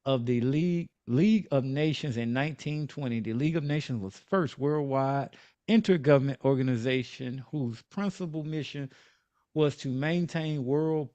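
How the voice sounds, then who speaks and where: A man's voice: mid-range voice, moderate pace, warm tone, no room sound, lo-fi sound. A man hosting a casual podcast, reading out the day's observances and joking about them. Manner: joking, reads day listings aloud. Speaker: podcast host.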